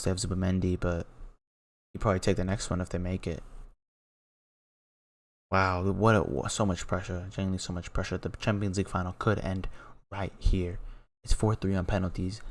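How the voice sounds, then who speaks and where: A young man with a fairly low voice talks through a penalty shootout as a casual live watch-along. He stumbles, repeats words, and swings between hyped shouts and hushed awe. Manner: excitable, repeats himself, trails off into quiet awe. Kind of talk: casual live reaction commentary.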